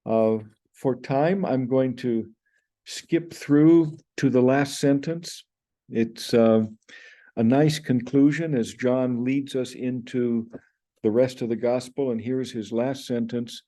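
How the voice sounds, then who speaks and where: A middle-aged man giving a measured, analytical lesson on Greek grammar, reading Greek phrases aloud between explanations. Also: medium pitch, steady tone, mellow. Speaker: Greek language teacher. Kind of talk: scholarly explanation of a text.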